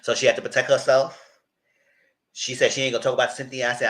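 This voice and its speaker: A man's voice: mid-range voice, fast, low-quality recording. Outspoken man ranting a TV recap. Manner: animated, outspoken, heavy slang. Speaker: reality TV commentator. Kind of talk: live recap chat.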